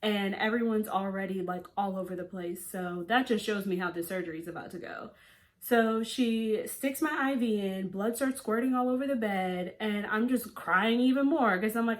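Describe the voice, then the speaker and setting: A woman's voice: mid-range voice, normal speed. A young woman vlogger telling a personal story in a chatty, casual way, full of "like" fillers and quoted lines. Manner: chatty, frequent "like" fillers, animated quoting. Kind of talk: storytime vlog.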